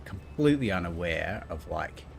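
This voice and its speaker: A man's voice: low voice, lively intonation, normal speed, vocal fry, background noise. A man giving casual gameplay commentary, thinking aloud as he plays, often mumbling and trailing off. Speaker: gameplay streamer.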